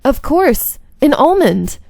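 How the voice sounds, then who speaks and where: A calm, probing lady detective, as a woman puts her on for a visual novel reading. The voice sits high and strange, with a gravelly edge. It is recorded close and dry. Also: slow pace, no echo, full character voice. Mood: urgent. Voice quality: oddly pitched, strange put-on voice.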